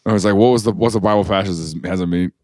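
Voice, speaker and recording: A man's voice: low-pitched, steady tone, very fast, a little mellow, dry recording, studio quality. A man co-hosting a casual podcast, making wry jokes and asides. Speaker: podcast co-host. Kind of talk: casual chat.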